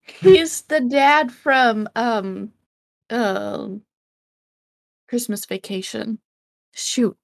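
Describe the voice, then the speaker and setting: A woman's voice: fairly high pitch, drawn-out words, gravelly, pauses often, no echo. A woman casually chatting about a movie, chiming in with short remarks and corrections. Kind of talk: casual movie recap chat.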